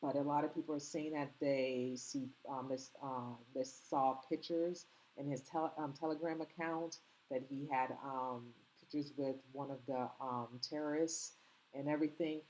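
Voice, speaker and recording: On a low-quality recording, a woman with a bass, darkish voice talks at normal speed in a steady tone. She has a slight foreign accent and hosts her own commentary channel, sharing casual opinions earnestly while rambling, restarting and saying um often.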